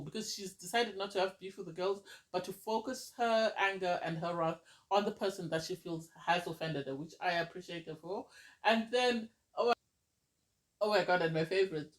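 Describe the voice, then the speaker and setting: High-voiced chatty man reviewing reality TV. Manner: chatty, gushing, exclamatory. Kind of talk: casual recap and review.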